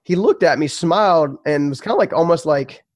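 A man's voice: fairly high pitch, moderate pace, dry recording, studio quality. A man telling his story as a podcast guest, earnest and emphatic, often repeating words.

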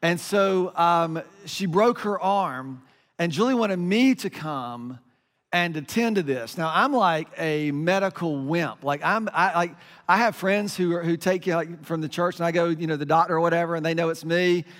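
A man's voice: a little high, moderate pace, a bit bright, long reverb tail. A middle-aged man, a pastor, giving a conversational sermon with self-deprecating stories and lots of fillers.

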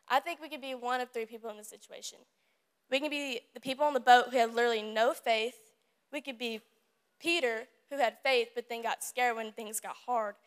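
A teenage girl giving an earnest, casual devotional talk to a youth group in a room, repeating her points. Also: on the high side. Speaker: youth service speaker.

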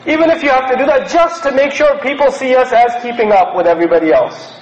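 Animated high-voiced man preaching. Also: fast talker, roomy sound, muffled recording. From Pakistan. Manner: animated, acts out quoted characters mockingly. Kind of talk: lecture.

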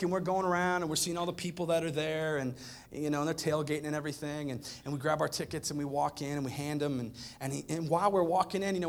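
A man in his thirties preaching a sermon, telling a funny family story and acting out the dialogue with growing excitement. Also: high-pitched. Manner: animated storyteller, acts out dialogue with rising excitement. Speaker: pastor. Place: church auditorium with a live audience.

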